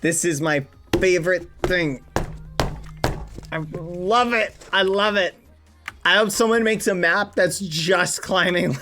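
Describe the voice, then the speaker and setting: A woman live-streaming a game and talking to her chat in a slow, drawn-out way. Her voice is bright and a touch low for a woman. She is theatrical, dropping into quiet mutters and then breaking into loud, frustrated yelps.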